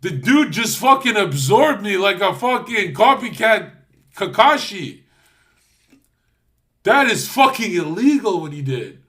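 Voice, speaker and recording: A young man ranting on a livestream in a high, bright voice. He tells the story in a mocking, profane way and puts on the voices of the people in it. His delivery is loose and casual, like a streamer talking to chat. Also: very animated, unhurried. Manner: acts out the other people in his stories.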